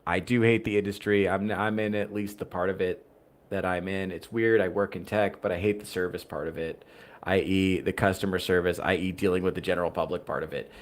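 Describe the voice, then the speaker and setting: A low-pitched American man hosts a casual livestream podcast, rambling through viewer chat in a wry, profane way. His intonation stays fairly even and he talks fairly quickly.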